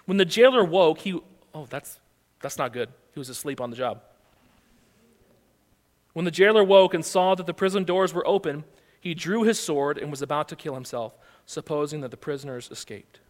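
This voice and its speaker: A male pastor delivers a sermon with a notably high voice, asking his listeners questions as he retells the story. His words ring out with a long reverb in a big hall. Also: fairly quick. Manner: animated storytelling with rhetorical questions.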